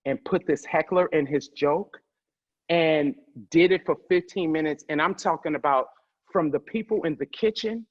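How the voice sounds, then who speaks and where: Profane, animated woman comedian telling stories. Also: sits low, muffled recording. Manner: loud, profane, quick to laugh. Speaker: comedian guest. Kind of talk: animated storytelling.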